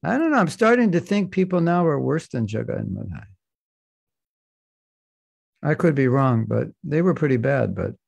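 A man teaching a scripture class, reading passages slowly and adding joking asides in between. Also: a little high, vocal fry, a little mellow, husky, no echo. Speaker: spiritual teacher.

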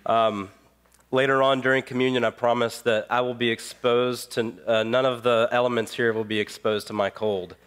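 A man in his thirties preaching a sermon as pastor, telling a personal story in a relaxed way with frequent fillers, while under the weather with a cold. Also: mid-range voice, moderate pace, clear, resonant tone. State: has a cold. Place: church sanctuary.

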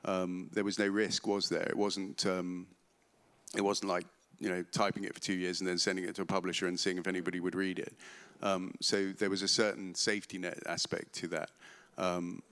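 Low-pitched and level, with a fairly bright tone, a male author talks briskly during an interview at a literary festival. Before the live audience he tells stories with laughter and self-mockery.

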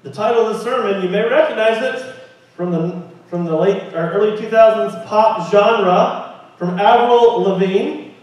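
A man preaching a sermon in a church, lively and conversational, often asking the congregation questions. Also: high voice, unhurried, dull audio. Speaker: pastor. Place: church sanctuary. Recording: very echoey room, mic at a distance.

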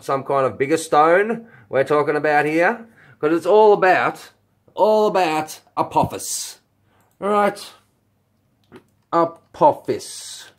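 Man in a profane, rambling vlog monologue. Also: fairly high pitch. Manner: profane, asks himself rhetorical questions. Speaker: video blogger.

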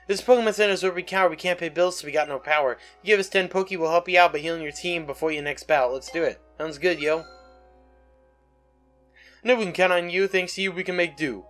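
A man's voice: sits high, quick pace, fairly bright tone, faint music behind. A man voicing a swaggering young male gang grunt from a game, reading the lines as a slangy rap full of "yo". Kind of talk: reading game dialogue aloud in a put-on voice.

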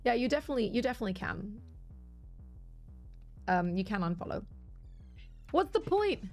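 A woman's voice: mid-range voice, very animated, moderate pace, soft background music. A woman livestreamer chatting casually with her viewers, laughing often and reading chat aloud.

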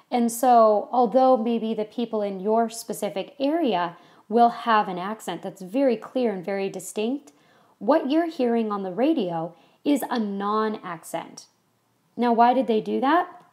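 A woman's voice: on the high side, lively intonation, measured pace. Chatty woman teaching a history lesson. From California. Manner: chatty, many ums and you-knows. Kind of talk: classroom lecture.

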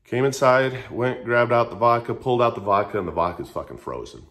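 A man's voice: medium pitch, fairly quick, a bit bright. A man in his thirties telling a raw personal story in a casual, earnest way, swearing freely and repeating phrases. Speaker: vlogger sharing his story.

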